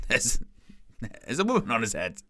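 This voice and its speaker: A man's voice: mid-range voice, huge pitch swings, measured pace, bright, forceful tone. A man hosting a live football watchalong, joking, laughing often and reading out the chat. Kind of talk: live match watchalong commentary.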